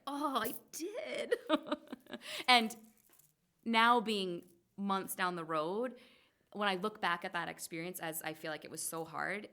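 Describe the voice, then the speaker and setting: A woman's voice: on the low side, creaky, pushed and bright. A woman in her forties, a salon co-owner, telling her story candidly in casual podcast conversation, acting out remembered dialogue with lots of "like" fillers. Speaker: guest, salon co-owner and hairstylist.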